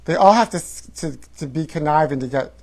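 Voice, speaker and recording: A man's voice: a little high, animated, a little fast, gravelly, darkish tone. A man hosting a comedy show, reading tabloid headlines aloud in a campy, sassy, gossipy way and calling the listener honey.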